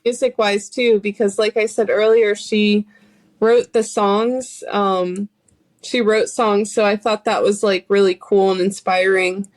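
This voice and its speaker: A woman's voice: medium pitch, little pitch movement, unhurried. A woman guest musician in a casual interview, easygoing and giggly, filling her talk with "like". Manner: heavy use of "like", giggly and easygoing.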